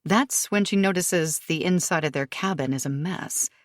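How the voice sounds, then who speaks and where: A woman narrating a thriller audiobook in a steady, measured way, recorded close to the mic. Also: fairly low pitch, no room sound.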